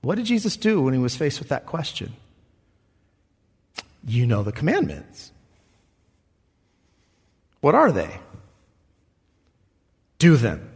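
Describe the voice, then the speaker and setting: A man's voice: mid-range voice, huge pitch swings, takes it slowly, pauses often, slightly rough, long reverb tail. A man preaching a sermon as pastor, earnest and conversational, acting out quoted voices as he goes.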